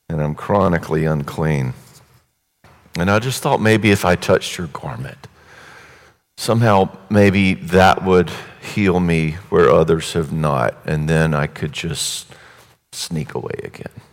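A preacher voicing a timid, ashamed woman in a hush. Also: sits low. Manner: hushed, hesitant, plotting. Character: timid, ashamed woman long ill, sneaking through a crowd. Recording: echoey hall reverb.

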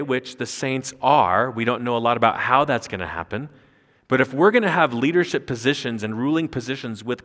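A man's voice: mid-range voice, fairly bright tone. Emphatic male pastor preaching in a hall. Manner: emphatic, rising sharply when quoting scripture. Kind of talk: expository sermon. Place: church sanctuary. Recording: long hall reverb.

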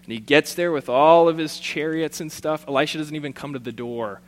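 A man's voice: on the high side, brisk, a little hiss or hum. A man preaching a sermon, reading scripture aloud and then retelling it in plain, casual words. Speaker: pastor.

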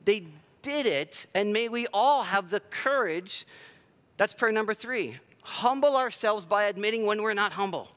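A man's voice: high voice, expressive, a little slow, fairly bright tone. A man preaching a sermon in a conversational, self-deprecating way with plenty of filler words. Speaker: pastor.

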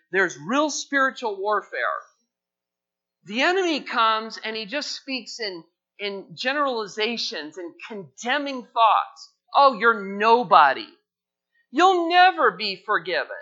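A forceful preacher delivers an impassioned sermon and presses hard on key phrases. The voice rings with bright intensity. It comes through a dull, lo-fi recording. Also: medium pitch, lively intonation, a little slow. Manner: fervent, rising to emphatic exhortation. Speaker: pastor.

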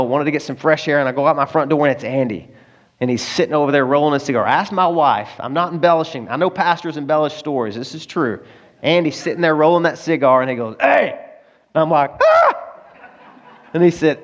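A man from Arkansas, a pastor telling a story in a sermon in a folksy, self-mocking way and acting out the voices in it. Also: a little high.

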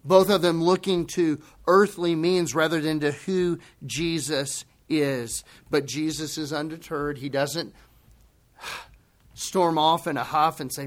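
Expressive male preacher, fairly high voice. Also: slow. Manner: expressive preaching, dropping to a near whisper and rising to emphatic outbursts; acts out quoted speech in conversational asides. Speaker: pastor. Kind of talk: sermon.

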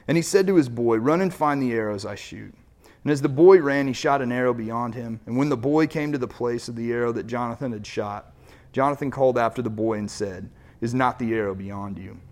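A man's voice: medium pitch, brisk, darkish tone. A man preaching as pastor, reading scripture aloud and retelling it in casual everyday speech.

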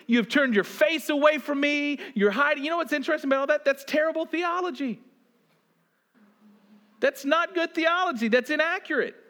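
A man preaching a sermon, swinging between loud pleading and hushed near-whispers. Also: very high voice. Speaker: pastor.

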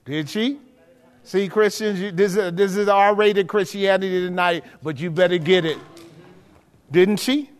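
A man's voice: high-pitched, steady tone, unhurried, smooth. A male pastor preaching a sermon in a conversational way, often checking that his listeners are keeping up. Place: church hall with a live audience. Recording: long hall reverb.

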